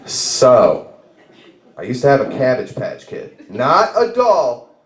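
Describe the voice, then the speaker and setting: A man's voice: medium pitch, wildly swooping pitch, slow. Rambling comedian laughing at his own jokes. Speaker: stand-up comedian. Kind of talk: stand-up comedy set. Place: bar stage, live open mic. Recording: roomy bar with echo.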